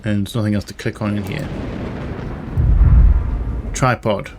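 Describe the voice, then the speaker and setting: A man's voice: lowish voice, steady tone, a little slow. A man casually commentating a game he plays, thinking aloud and reading in-game text with wry asides. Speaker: gaming channel host. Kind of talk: casual let's-play commentary. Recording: game music playing behind. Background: game music.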